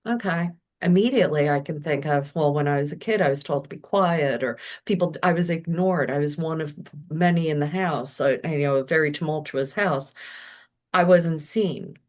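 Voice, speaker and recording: A middle-aged woman speaks as a guest in a relaxed conversation. Her voice sits on the lower side, and she talks reflectively, slipping into little quoted bits of her own inner voice. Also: normal speed. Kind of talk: casual interview talk.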